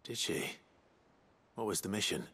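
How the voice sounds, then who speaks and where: An actor voicing a serious, steady male hero who speaks tersely. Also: fairly low pitch, measured pace, slightly rough, full character voice.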